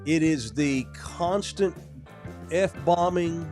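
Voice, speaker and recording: A man's voice: on the high side, extremely slow, a little mellow, faint music behind. A man co-hosting a sports podcast, ranting casually with lots of profanity. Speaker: podcast co-host.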